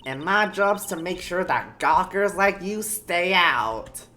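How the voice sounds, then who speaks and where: A woman's voice: on the low side, lively intonation, slow pace, sharp tone, pitched above the performer's own voice, full character voice. A woman voicing a cranky, nagging old woman guarding a film studio in a video game. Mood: scolding. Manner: scolding, rambling, nagging. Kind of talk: game dialogue read aloud.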